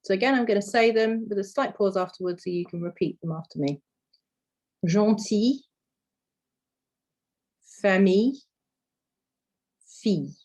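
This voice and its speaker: A woman's voice: mid-range voice, quick pace, hardly any pauses, a little mellow. A woman teaching a phonics lesson, explaining patiently and modelling sounds for learners to repeat. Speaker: language teacher.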